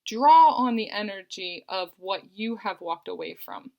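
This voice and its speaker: A woman reads tarot cards in an earnest, reassuring way, circling back over the same phrases. Her voice has a gravelly creak to it, and she sits at a middling pitch. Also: expressive, a little slow, darkish tone. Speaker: tarot reader. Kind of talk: tarot card reading.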